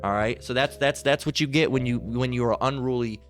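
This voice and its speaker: A man's voice: mid-range voice, a little fast, fairly bright tone, soft background music. Fiery preaching man, many restarts. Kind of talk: heated preaching monologue.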